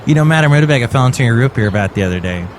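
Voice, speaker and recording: A man hosting a comedy podcast, rambling from one goofy aside to the next. His sarcastic delivery sits in a mid pitch range. Faint noise runs under the voice. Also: lively intonation, rapid-fire. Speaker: podcast host.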